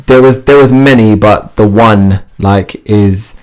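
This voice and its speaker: A man who hosts a fitness TV show, chatting as a podcast guest and telling lively stories with frequent laughs. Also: lowish voice, measured pace. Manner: animated storytelling, laughs often, restarts sentences. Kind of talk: casual interview chat.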